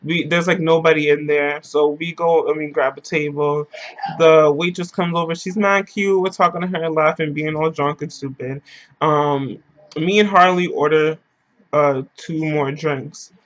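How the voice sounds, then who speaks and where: A man's voice: a little high, fairly even intonation, unhurried, fairly bright tone, dull audio. A man telling a story in a casual vlog, loose and slangy, rambling as he goes.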